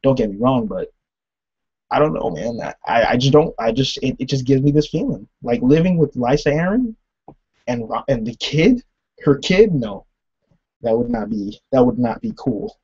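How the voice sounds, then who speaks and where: Rambling young man with a husky voice. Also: medium pitch, moderate pace, lo-fi sound. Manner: rambling, animated, laughs often, lots of "like". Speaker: TV episode reviewer. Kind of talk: casual recap and commentary.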